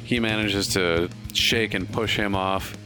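A man's voice: fairly low pitch, steady tone, slow, pushed and bright, soft background music. A man running a tabletop game as game master, narrating combat vividly with playful, crude jokes.

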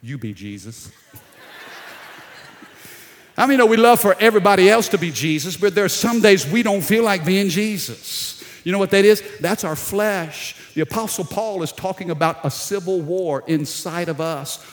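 A middle-aged pastor from South Louisiana with a Louisiana accent, preaching a sermon with animated storytelling, acting out the voices in his story and calling out to the congregation. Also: high-pitched, normal speed. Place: church hall. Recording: long hall reverb.

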